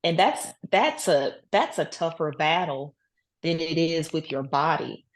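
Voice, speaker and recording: Slow-talking earnest woman guest. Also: low-pitched. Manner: earnest, storytelling, many "you know"s. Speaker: guest, cancer survivor. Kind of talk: casual interview talk.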